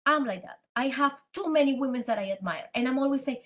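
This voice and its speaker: A woman with a Spanish accent, a native Spanish speaker, telling her story as a guest in a podcast interview in an animated, dramatic way. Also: high voice, quick pace. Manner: animated, dramatic, acts out quoted dialogue. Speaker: guest entrepreneur.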